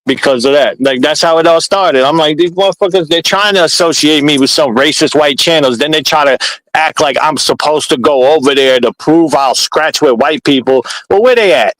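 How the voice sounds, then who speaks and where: A man's voice: fairly high pitch, normal speed, fairly bright tone, no echo, poor audio. Heated, rambling man telling a story. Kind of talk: casual profane storytelling.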